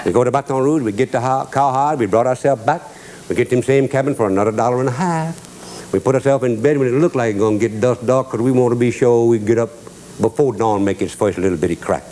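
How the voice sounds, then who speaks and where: A man's voice: medium pitch, fast talker, mellow, slight background noise. A man with a Cajun accent hosting a cooking show, mixing kitchen steps with a drawling dialect story and chuckling at his own jokes. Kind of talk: folksy cooking demonstration with storytelling.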